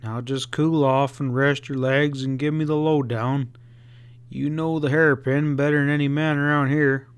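A man's voice: mid-range voice, flat delivery, unhurried, smooth, close to an everyday voice. A man reading a drawling, shrewd Western sheriff. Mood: coaxing. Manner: drawling frontier slang, cool and probing. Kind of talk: audiobook character reading.

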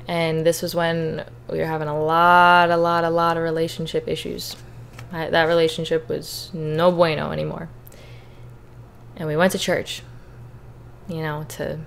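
Young female podcaster, slightly low voice, earnest and teary while recounting her story. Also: gravelly, slight background noise. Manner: candid, earnest, emotional at times. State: tearful. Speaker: podcast host. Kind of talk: personal testimony, casual.

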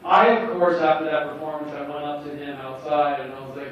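A man in his thirties telling a story live on a cinema stage, animated and acting out the other man's lines. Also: a little high, fairly quick, crowd noise. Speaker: guest storyteller. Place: cinema stage before an audience. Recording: echoey hall from far off, dull. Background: audience laughter and room ambience.

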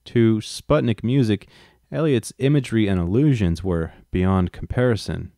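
A man's voice: on the low side, moderate pace, dark tone, no echo, clean studio sound. A man reading a book aloud and breaking off into wry, profane asides. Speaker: reader and commentator.

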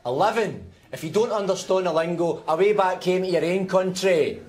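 A man's voice: mid-range voice, lively intonation, normal speed, close to an everyday voice. An actor with a Scottish accent playing a sarcastic, bickering man stuck in a lift. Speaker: sketch character. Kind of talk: TV comedy sketch.

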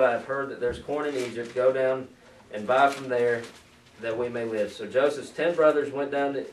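Guy reading scripture then talking it through, mic kinda far off, faint hum in the background. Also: medium pitch. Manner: reads scripture aloud, then explains it conversationally. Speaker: Bible teacher. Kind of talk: Bible study teaching. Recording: echoey room, mic at a distance, faint ambient noise.

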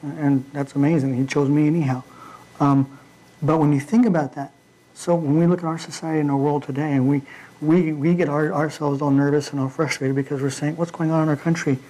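A man preaching an informal midweek sermon in a church, talking in a halting way with frequent fillers and restarts. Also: fairly high pitch, fairly even intonation, mellow, low-quality recording.

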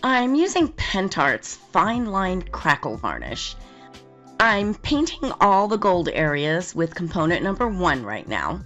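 Hoarse woman hosting a craft tutorial. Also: lowish voice, big pitch swings, takes it slowly, fairly bright tone, lo-fi sound, faint music behind. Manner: friendly, step-by-step instructional. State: hoarse from a lingering cold. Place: home, filming in Las Vegas.

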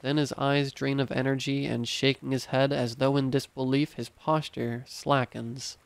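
Gravelly-voiced man narrating horror stories. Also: medium pitch, level tone, moderate pace, dry recording. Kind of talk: scripted horror story narration.

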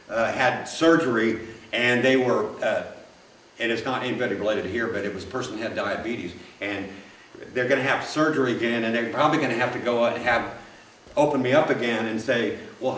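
A preacher heard from afar in a roomy church. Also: male voice, mid-range voice, a bit bright, a little hiss or hum. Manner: folksy, rambling, frequent restarts and asides. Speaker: pastor. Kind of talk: sermon. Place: church sanctuary. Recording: roomy, from a distance.

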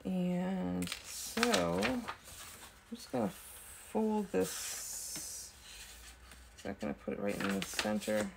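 A woman's voice: lowish voice, very animated, slow pace, vocal fry, pauses often, noisy background. A woman hosting a casual craft video, chatting and thinking aloud as she works at her desk. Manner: talks with frequent ums and small laughs. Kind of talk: casual craft tutorial chat.

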